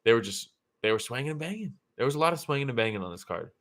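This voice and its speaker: A man's voice: medium pitch, big pitch swings, rapid-fire, a bit bright. A man co-hosting a casual fight reaction show, upbeat and agreeable, often laughing. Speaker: co-host.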